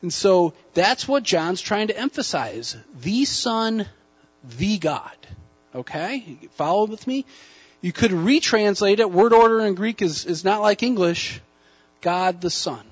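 A man's voice: high-pitched, lively intonation, breathy edge, dull audio. A man preaching a casual, conversational sermon to a church congregation, with folksy asides. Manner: hushed, slow prayer. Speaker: guest preacher. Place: church sanctuary.

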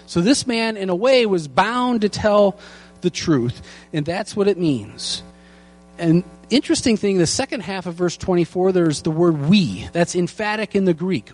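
A man teaching a Bible passage in an earnest sermon, slowing down to stress the key lines. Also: high voice, animated, faint music behind. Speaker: pastor teaching a Bible study.

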